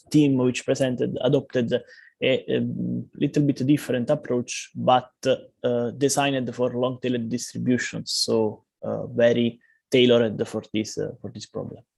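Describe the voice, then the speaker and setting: A man chairing a conference session, talking unscripted with halting restarts and fillers. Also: mid-range voice, level tone, gravelly, darkish tone, dry recording. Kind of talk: hesitant unscripted discussion.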